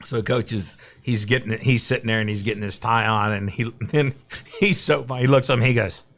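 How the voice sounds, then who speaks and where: A man's voice: medium pitch, a little fast, a bit bright. A middle-aged man, a guest broadcaster, telling anecdotes in a podcast interview and acting out the quotes.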